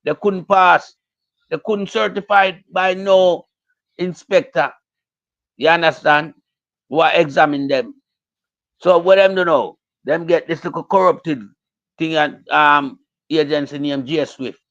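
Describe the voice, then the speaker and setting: A man with a Jamaican accent rants heatedly about politics, circling back over his points and slipping in and out of Patois. His voice sits a little high for a man. The recording sounds dull and lo-fi. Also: measured pace, gravelly, fairly bright tone. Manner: heated, repetitive, speaks Jamaican Patois mixed with English. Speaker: political commentator. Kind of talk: casual political rant.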